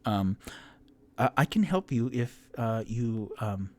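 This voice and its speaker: A man voicing a formal, halting half-orc wizard who introduces himself in a tabletop game. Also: medium pitch, expressive, a little mellow.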